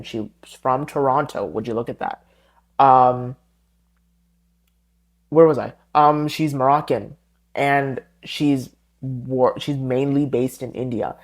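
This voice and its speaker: A man hosting his own podcast alone, chatting casually and going off on tangents, often correcting himself mid-sentence. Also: mid-range voice. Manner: rambling, tangent-prone, self-correcting. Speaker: podcast host. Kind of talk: solo podcast chat.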